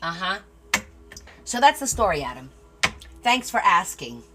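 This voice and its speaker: A woman's voice: lowish voice, sing-song, unhurried. Middle-aged woman, livestream host, chatty, storytelling, answers viewer comments. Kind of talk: casual chat with live viewers.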